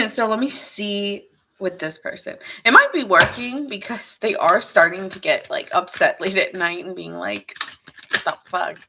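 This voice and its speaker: A woman's voice: mid-range voice, sing-song, measured pace, bright, forceful tone, slight background noise. A woman giving a casual live tarot reading, chatty and laughing often as she acts out what people think. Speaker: tarot reader.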